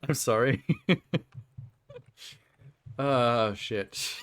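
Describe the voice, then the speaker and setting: A man's voice: medium pitch, clean tone. Joking male streamer. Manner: rambling, joking, laughs often. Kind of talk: casual live-stream chat while playing a game.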